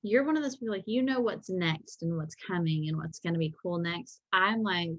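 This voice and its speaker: A woman's voice: fairly low pitch, moderate pace, fairly bright tone, dry recording, muffled recording. Rambling woman podcast co-host, dry sound. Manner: rambling, self-deprecating storytelling with frequent "like". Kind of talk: casual chat.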